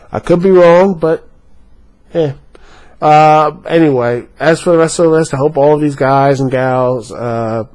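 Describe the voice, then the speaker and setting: A man's voice: mid-range voice, darkish tone, poor audio. A man giving a casual, rambling opinion rant as a vlogger, with many fillers and restarts. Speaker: wrestling commentary vlogger.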